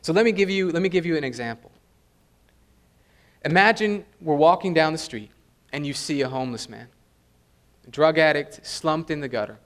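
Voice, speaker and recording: Young guy preaching, kinda high voice, really animated, does the voices. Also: normal speed, pauses often. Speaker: pastor. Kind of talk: sermon.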